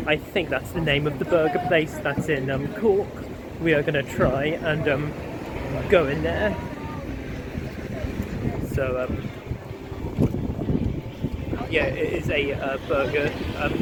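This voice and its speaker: A man chatting casually in a travel vlog, upbeat and rambling, with lots of ums as he talks while walking around a city. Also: a little high. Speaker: travel vlogger. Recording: street traffic noise behind.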